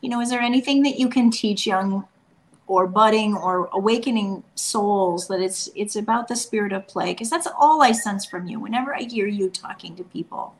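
A woman's voice: mid-range voice, normal speed. Affirming woman interview host. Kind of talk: conversational interview.

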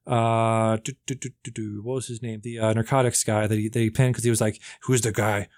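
A man's voice: on the low side, little pitch movement, fairly quick, darkish tone, clear, resonant tone, no room sound. Rambling man in a dry room. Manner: rambling, with many fillers and acted quotes. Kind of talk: casual chat, retelling a movie plot.

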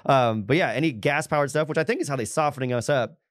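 A man's voice: medium pitch, quick pace, no echo, studio quality. A man co-hosting a casual podcast, reading news items and joking with profanity. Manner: laid-back, profane, laughs often. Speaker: podcast co-host.

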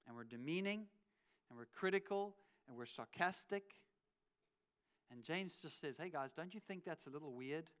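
A man's voice: on the high side, expressive, normal speed, fairly bright tone, clear, resonant tone. A man preaching a sermon in a church, talking conversationally through a cheek mic, acting out quotes with wry asides. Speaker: pastor. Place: church auditorium. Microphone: cheek headset microphone.

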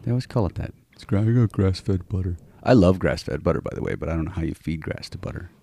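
A man's voice: deep voice, animated, fast talker, creaky, mellow, dry recording. A man co-hosting a casual podcast, playful, tossing out dad jokes. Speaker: podcast co-host. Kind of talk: casual chat.

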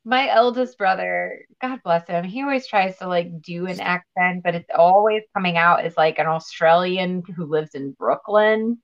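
A woman actress chatting as an interview guest, talking in an animated, storytelling way. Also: lowish voice, normal speed, few pauses, muffled recording. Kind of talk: casual interview chat.

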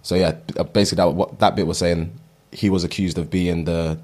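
A man's voice: sits low, fairly even intonation, brisk, a little mellow. A man, co-hosting a casual chat and reading out a fun fact, stumbling over names and laughing at himself. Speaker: podcast co-host.

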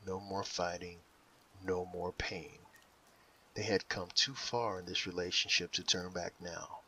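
A man reading an audiobook in slow, measured scripted narration, dropping softly for quoted inner voices. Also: low-pitched, fairly even intonation, husky, rough recording.

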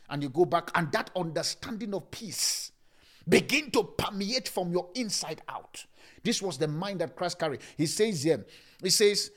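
A man with a Nigerian accent preaching a sermon as a pastor, shouting scripture lines and then dropping to a calm, hushed voice. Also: high voice, moderate pace.

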